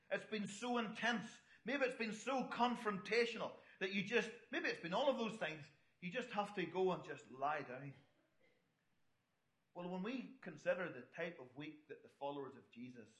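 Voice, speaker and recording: A man's voice: sits high, a bit bright. A middle-aged man preaching a sermon, chatty and full of asides to the congregation. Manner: conversational, storytelling asides to the congregation. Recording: echoey hall.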